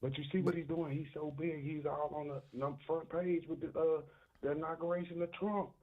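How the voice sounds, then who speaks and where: A man's voice: a little high, level tone, a little fast. A man calling in to a talk show by phone, speaking passionately and emphatically. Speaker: caller. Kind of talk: phone call-in. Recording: tinny phone line.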